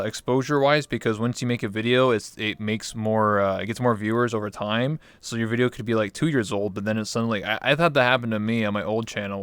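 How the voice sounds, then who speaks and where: A young Canadian man hosts a casual interview show, rambling along in a laid-back way and swearing casually. His voice sits at medium pitch, a bit bright, clear and resonant, with no room sound.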